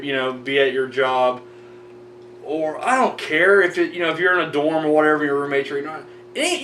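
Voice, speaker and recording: A man's voice: a little high, fairly bright tone. Guy ranting on his horror show, cussing, lots of restarts, sounds far off w/ a faint hum. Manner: rambling, profane, frequent restarts. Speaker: horror review show host. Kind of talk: casual ranting chat. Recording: roomy distant mic with faint hum.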